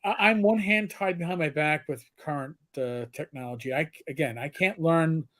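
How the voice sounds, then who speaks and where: A man in his fifties hosting a casual livestream chat, telling stories in an animated, rambling way with many restarts. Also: on the high side, moderate pace. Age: 50s. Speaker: host.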